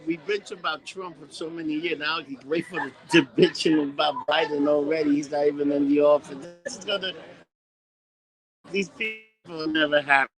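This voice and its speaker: A man co-hosting a podcast in casual chat, reacting with excited exclamations. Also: on the high side, normal speed, music in the background, rough recording. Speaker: podcast co-host.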